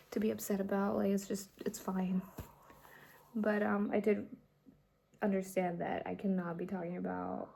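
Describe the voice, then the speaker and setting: A woman's voice: medium pitch, gravelly, dark tone, a little hiss or hum. A young woman from India, a Hindi speaker, talking candidly to her camera in a rambling, casual way, often dropping to a half-whisper. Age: young adult. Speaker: vlogger and artist. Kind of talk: casual vlog talk to camera.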